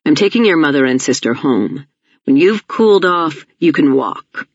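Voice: medium pitch, expressive, moderate pace, slightly rough, no echo, lo-fi sound. A reader voicing a stern middle-aged father who scolds in a clipped hiss. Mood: curt.

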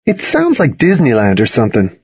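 A cheerful, wisecracking teenage boy with a smug edge, as a man reads him, pitched up from his own voice. The line bounces up and down. The storybook recording is dry and a little dull. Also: wildly swooping pitch, brisk, a little mellow, breathy edge, heavily acted. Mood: teasing.

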